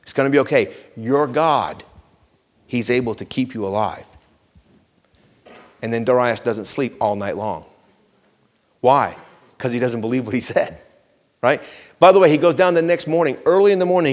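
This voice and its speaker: A man preaching a sermon, earnest and pleading, who pushes his listeners with repeated questions and swings between hushed intensity and raised urgency. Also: mid-range voice, normal speed, long pauses, in a large hall. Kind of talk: sermon, teaching from scripture.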